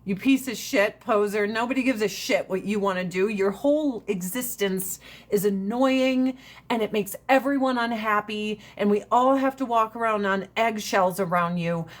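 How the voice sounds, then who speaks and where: A woman's voice: mid-range voice, normal speed. A woman in her forties chatting casually with viewers on a livestream, brash and profane, ranting and laughing often. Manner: laughs often between lines.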